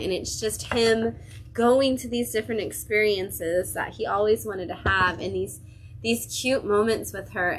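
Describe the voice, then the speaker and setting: A woman's voice: medium pitch, a little hiss or hum. A young adult woman hosting a comic shop livestream, casually gushing over new releases with lots of fillers. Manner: enthusiastic, gushing, chatty with many fillers.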